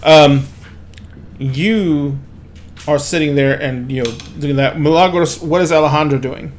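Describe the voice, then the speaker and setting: A man's voice: fairly high pitch, unhurried, a little hiss or hum. Rambling man running a tabletop game. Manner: rambling, loose narration full of fillers. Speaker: game master.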